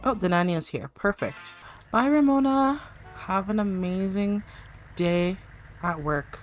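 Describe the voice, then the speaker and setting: A woman's voice: lowish voice, unhurried, faint music behind. A woman hosting a let's-play, chatting through her life-sim gameplay and talking straight to her game characters. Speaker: gaming channel host.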